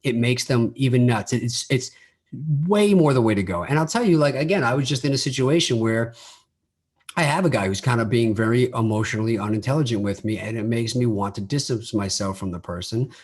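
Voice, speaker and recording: A man's voice: mid-range voice, brisk, a little mellow, husky. Man hosting a solo podcast. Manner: conversational, repeats words when starting sentences; acts out quoted dialogue in his own voice. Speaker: podcast host.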